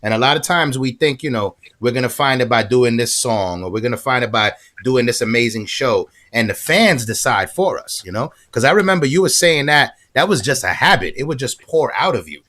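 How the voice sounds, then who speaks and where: A man hosting a casual podcast chat, animated and full of praise for his guest, often repeating words as he talks. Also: medium pitch, brisk, few pauses. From Florida. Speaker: podcast host.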